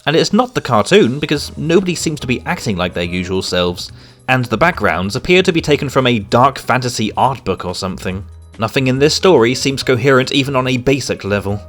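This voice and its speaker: A man's voice: mid-range voice, lively intonation, fairly quick, fairly bright tone, faint music behind. A man delivering a scripted, sarcastic and exasperated review of a comic.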